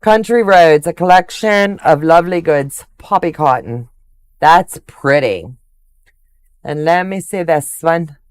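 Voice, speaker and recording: Older lady on a quilting stream, slow and sweet, gushes over everybody, dry close sound. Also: deep voice, clean tone, dry recording. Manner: gushing and affectionate. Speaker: quilting livestream host. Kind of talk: casual livestream chat, reading out viewer comments.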